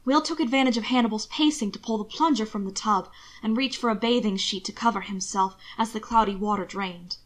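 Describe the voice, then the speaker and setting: A woman narrating an audiobook reading of fan fiction with expressive, measured storytelling. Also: mid-range voice.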